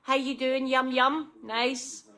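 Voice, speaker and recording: A woman's voice: sits high, little pitch movement, takes it slowly, bright, forceful tone. A woman giving sweary, sarcastic running commentary on a livestream, mimicking the people she mocks. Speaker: livestream co-host.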